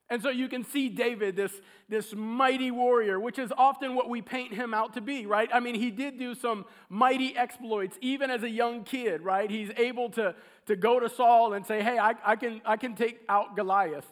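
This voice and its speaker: A man preaching a sermon, telling a story with animated, acted-out quotes. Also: very high voice, normal speed, hardly any pauses.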